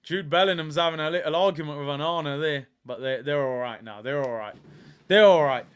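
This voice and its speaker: A man hosting a football watch-along stream, excitable and slang-heavy, often shouting. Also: on the high side, brisk, smooth. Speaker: streamer host.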